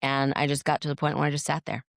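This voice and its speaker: Woman podcast guest, mid-pitched with a gravelly edge, earnest and reflective, dry close sound. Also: completely flat delivery, fast, dry recording. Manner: earnest, reflective, with frequent restarts. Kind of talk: candid interview storytelling.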